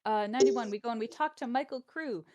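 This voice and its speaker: A woman casually recapping episodes of a show to friends, animated and full of fillers. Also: fairly high pitch, fast. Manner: chatty, animated retelling with many fillers. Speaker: presenter of a podcast recap. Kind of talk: casual chat.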